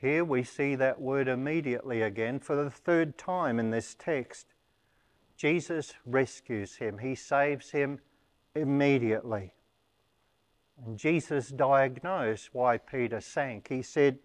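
A male preacher with a mid-range voice teaches through a passage of scripture, keeping his sermon steady and deliberate.

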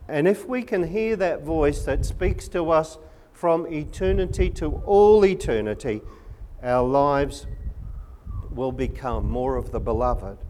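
A man preaching a sermon in an earnest, measured and emphatic way. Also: a little high, darkish tone.

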